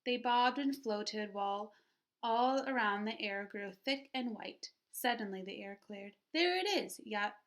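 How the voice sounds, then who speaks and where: A woman teacher reading a children's picture book aloud with expression, pausing to ask her listeners questions. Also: medium pitch, steady tone.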